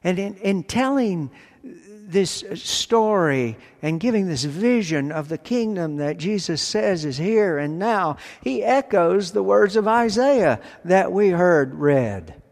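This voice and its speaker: A man preaching a sermon from the pulpit, speaking in slow, deliberate phrases with long pauses. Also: high voice, lively intonation, darkish tone. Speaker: pastor. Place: church sanctuary. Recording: long hall reverb.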